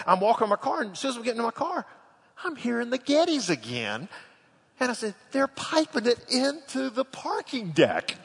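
A husky-voiced male pastor preaches and tells stories with a very lively, high-reaching delivery. His voice rings with the long reverb of a large hall. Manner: animated storyteller, laughs through the tale. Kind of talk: sermon with a funny personal story.

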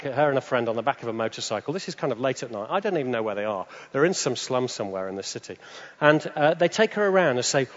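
A man preaching a sermon, telling stories and swinging up into high, excited tones. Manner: animated, jumps to high excited pitch. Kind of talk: sermon with storytelling. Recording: dull sound with long hall reverb.

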